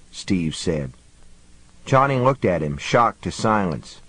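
A man narrating an audiobook in a measured, even reading. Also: lowish voice, no echo, rough recording. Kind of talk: scripted narration.

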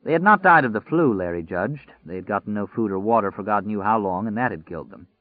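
A man with a lowish voice reads an audiobook in a measured, deliberate way. The sound is dry and close, with no room around it. It comes through a narrow, phone-like band. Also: expressive, dry recording. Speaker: audiobook narrator. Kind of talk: scripted audiobook narration.

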